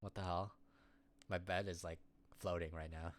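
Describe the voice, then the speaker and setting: A man's voice: low voice, steady tone, moderate pace. A man streamer rambling and joking through casual running commentary at his computer. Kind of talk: casual live-stream chat.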